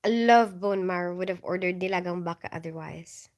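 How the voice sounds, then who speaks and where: A Filipino woman in her forties, speaking Filipino-accented English, hosts a casual livestream where she tells stories, reads chat comments and answers viewers, giggling often. Her voice is on the low side and she talks fairly quickly.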